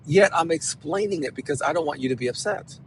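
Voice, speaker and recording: A man, a counselor, giving an emphatic, animated motivational talk and often checking in with "right?". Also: fairly high pitch, quick pace, a little hiss or hum, low-quality recording.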